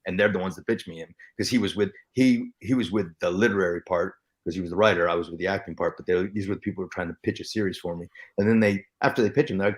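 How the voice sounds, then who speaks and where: Male guest, lower pitch, excitable storyteller, stumbles and restarts often. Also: very fast, hardly any pauses. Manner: excitable, with many restarts and acted-out quotes. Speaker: guest actor. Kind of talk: storytelling interview chat.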